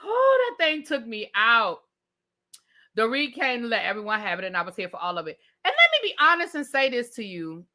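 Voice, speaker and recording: Woman TV reviewer, high bright voice, profane and repetitive live rant, calls viewers y'all and baby. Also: big pitch swings, quick pace, few pauses. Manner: heated, profane, repetitive ranting. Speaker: TV show reviewer.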